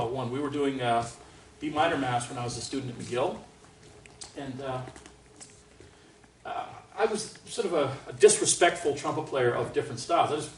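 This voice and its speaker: A man, a trumpet soloist, teaching a master class in an animated, chatty way and laughing often. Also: fairly high pitch. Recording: roomy hall from far off, faint noise.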